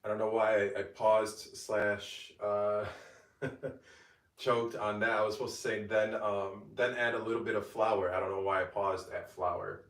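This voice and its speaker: A man with a low voice talks casually through a behind-the-scenes cooking vlog, reading recipe steps and redoing takes when he trips over a word. The sound is roomy and echoey, picked up from a distance in a home kitchen. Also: little pitch movement, a little slow, fairly bright tone. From Egypt. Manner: stops mid-phrase, laughs at his slips, redoes takes. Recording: roomy, mic some distance off.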